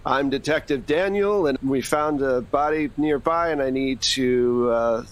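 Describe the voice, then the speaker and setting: A bossy undercover detective in a put-on American accent, as a man acts him out. He speaks firmly and coaxes with quiet menace, in a plain mid-pitched voice. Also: unhurried, natural voice. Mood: stern. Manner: firm, commanding, coaxing.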